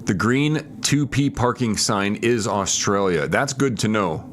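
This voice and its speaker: Man, very low voice, casual live-stream chat, thinks aloud, answers chat. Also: expressive, a little slow, fairly bright tone, slight background noise. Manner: thinks aloud, hedging and restarting; reads viewer comments and replies.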